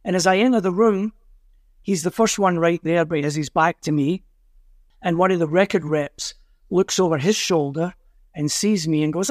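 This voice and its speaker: Scottish man telling lively stories. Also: fairly high pitch, moderate pace, no echo, studio quality. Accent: Glasgow Scottish. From Scotland. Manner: acts out voices in anecdotes. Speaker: musician guest. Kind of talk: animated storytelling.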